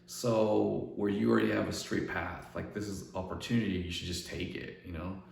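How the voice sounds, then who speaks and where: Middle-aged man, gravelly low voice, rambling storyteller, roomy far-off mic. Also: steady tone, moderate pace, darkish tone. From Northern California. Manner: rambling, restarts, quotes others in dialogue. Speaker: artist vlogger. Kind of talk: casual storytelling. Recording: echoey room, mic at a distance, faint ambience.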